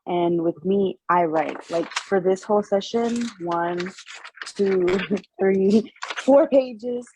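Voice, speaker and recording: A woman who is a healer sharing in a group class, in a halting, emotional way with many fillers. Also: mid-range voice, warm tone, slight background noise. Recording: dull, dry lo-fi sound.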